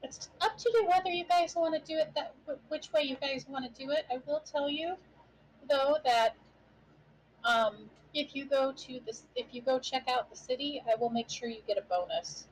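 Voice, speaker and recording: A woman's voice: sits high, normal speed, slight background noise, pitched above the performer's own voice, close to an everyday voice, rough recording. A woman voicing a scheming female pixie overlord who coaxes the party with offers of a bonus. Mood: coaxing.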